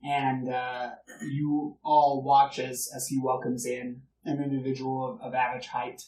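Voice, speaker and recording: A man running a tabletop game as game master, narrating in a relaxed, hesitant way. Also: mid-range voice, a little slow. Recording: roomy, distant mic.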